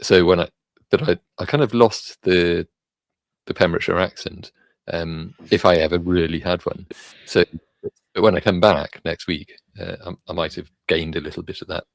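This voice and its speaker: Welsh-born man, low and gravelly, hesitant self-deprecating livestream co-host. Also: fairly even intonation, moderate pace, dry recording. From Wales. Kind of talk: casual livestream chat.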